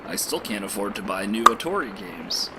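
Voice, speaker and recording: A man's voice: lowish voice, sing-song, normal speed, background noise. An actor playing an awkward young male stand-in host of a late-night game radio show, rambling and self-deprecating. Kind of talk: video game voice acting.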